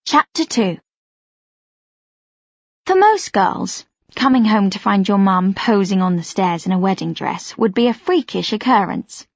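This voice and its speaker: A woman reading a first-person audiobook aloud with expressive, tense storytelling. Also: medium pitch, a little slow, creaky, no room sound, muffled recording. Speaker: audiobook narrator.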